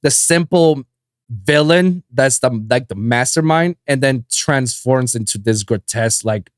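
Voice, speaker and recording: A man hosting a casual podcast chat, animated and swearing freely, with lots of fillers. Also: mid-range voice, measured pace, clean tone, dry recording, clean studio sound. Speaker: podcast host.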